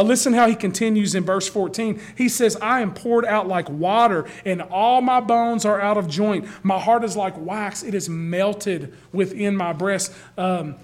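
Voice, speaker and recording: A male pastor giving a conversational sermon, often repeating words as he starts a sentence. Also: high voice.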